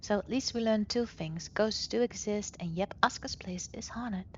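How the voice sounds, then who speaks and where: A woman's voice: medium pitch, moderate pace, a little mellow, slight background noise. Chatty woman playing a horror game. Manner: chatty, thinks aloud. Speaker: let's play host. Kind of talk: gameplay commentary, reading game text aloud. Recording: dull lo-fi sound with game music.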